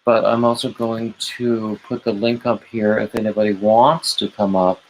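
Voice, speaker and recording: A man's voice: fairly low pitch, little pitch movement, moderate pace, a little hiss or hum, low-quality recording. A man hosting a late-night livestream, rambling on and greeting chat viewers by name with gushing, emotional asides. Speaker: livestream host.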